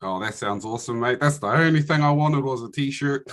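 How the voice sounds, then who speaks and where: A man's voice: medium pitch, moderate pace, fairly bright tone. A man with a New Zealand accent, a prize winner chatting casually on a video call, laid-back and often laughing. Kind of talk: casual chat.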